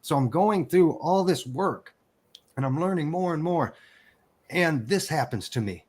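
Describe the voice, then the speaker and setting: A man's voice: fairly high pitch, animated, a little slow, darkish tone, husky. Candid man in his forties. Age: 40s. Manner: candid and emotional, swears casually. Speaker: podcast guest. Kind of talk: personal storytelling.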